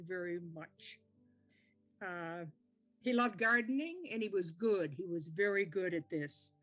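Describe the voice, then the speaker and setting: Female, bright-toned, slow heartfelt tribute, soft music underneath. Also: medium pitch. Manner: tender, simple, heartfelt. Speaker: tribute speaker. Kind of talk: heartfelt farewell remarks.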